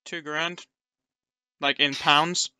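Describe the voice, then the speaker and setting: A man's voice: fairly high pitch, steady tone, extremely slow, pushed and bright, clear, resonant tone. A young man who lives in the UK bantering and swearing with friends over voice chat while gaming. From United Kingdom. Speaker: gamer on voice chat.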